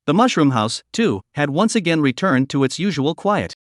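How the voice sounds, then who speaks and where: A man reads a story recap aloud in a scripted narration, his pitch sitting a little above the usual male range and moving a lot from phrase to phrase. The voice is close and dry, with no room sound around it. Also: big pitch swings, normal speed, hardly any pauses, dry recording.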